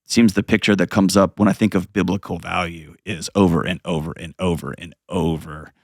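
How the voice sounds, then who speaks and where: A man's voice: sits low, steady tone, a little fast, dry recording, clean studio sound. A middle-aged man hosting a call-in advice show, talking earnestly and repeating phrases for emphasis. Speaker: call-in show host and counselor.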